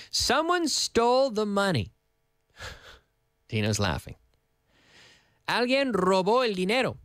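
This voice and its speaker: A male teacher with a fairly high voice that leaps around all over the place. He explains grammar in a playful, joking way. The sound is dry and close, with no room echo. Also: slow, long pauses. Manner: animated, playful, switches between English and Spanish. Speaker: English teacher. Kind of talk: lively TV English lesson.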